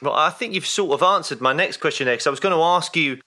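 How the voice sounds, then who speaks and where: Male podcast host, slightly high voice, bright, rambling questions. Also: fast talker. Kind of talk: casual interview chat.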